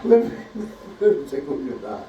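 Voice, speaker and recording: A Scottish man performs stand-up in a small live venue, delivering jokes in an unhurried, deadpan way. His voice sits slightly high and is picked up from a distance in a roomy, echoing space. Faint background noise hangs under it. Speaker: stand-up comedian. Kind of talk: stand-up comedy set.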